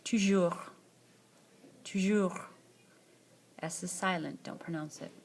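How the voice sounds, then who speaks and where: A woman teaching a French lesson in a screencast, saying each word slowly and then repeating it for students. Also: on the low side, steady tone. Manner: slow, repeats words twice for the learner. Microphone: tablet screencast.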